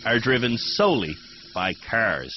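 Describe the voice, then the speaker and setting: A man's voice: on the low side, big pitch swings, a little slow, background noise. A man hosting and narrating a TV show in a wry, dryly humorous scripted voice. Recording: dull lo-fi TV audio with music.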